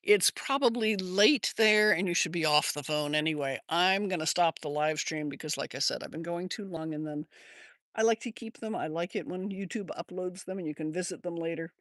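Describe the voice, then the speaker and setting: Older American woman, bright crisp voice, rambling livestream host chatting outdoors, dry close phone sound. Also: on the low side, fairly quick, no echo. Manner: rambling and chatty, answers viewer comments. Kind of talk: casual livestream chat. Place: outdoors in her yard.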